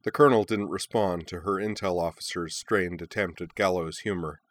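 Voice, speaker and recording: A man reading a war story aloud in a measured, even narration. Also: deep voice, no room sound.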